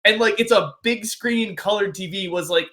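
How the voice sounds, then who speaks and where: A man's voice: high voice, moderate pace, bright, forceful tone. A man co-hosting a podcast, casually rambling through a story with fillers. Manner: rambling, summarizing a book. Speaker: podcast co-host. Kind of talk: casual chat.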